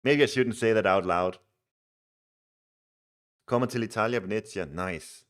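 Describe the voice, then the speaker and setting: Young male streamer, deep voice, chatty and easygoing while playing. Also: unhurried, a bit bright. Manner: chatty, reads chat aloud, laughs easily. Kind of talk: casual live game commentary.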